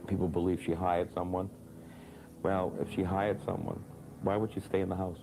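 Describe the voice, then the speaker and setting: A man's voice: low-pitched, flat delivery, normal speed, background noise. A man interviewed for a documentary, reasoning bluntly and skeptically. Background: music bed.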